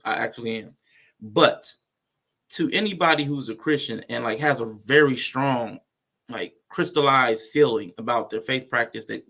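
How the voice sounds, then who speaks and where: A man's voice: medium pitch, gravelly, pushed and bright. A man hosting casual reaction commentary, blunt and conversational. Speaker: host.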